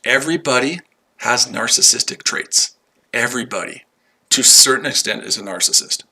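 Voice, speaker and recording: A male livestream host talks straight to his chat viewers, combative and full of swearing. His voice is very bright and cutting, and he circles back over the same lines again and again. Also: mid-range voice, expressive, normal speed. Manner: combative, profane, repeats himself.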